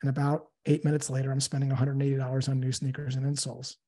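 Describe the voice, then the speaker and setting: A man's voice: medium pitch, monotone, rapid-fire, mellow. A man who works as a sales coach, a guest telling a story and acting out the dialogue in his answer.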